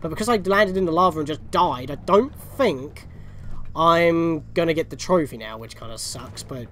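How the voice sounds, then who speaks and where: A man's voice: fairly high pitch, expressive, moderate pace, fairly bright tone, a little hiss or hum. Chatty young man narrating gameplay. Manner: rambling, chatty, self-correcting. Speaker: video game walkthrough host. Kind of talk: casual gameplay commentary. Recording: game music faintly behind.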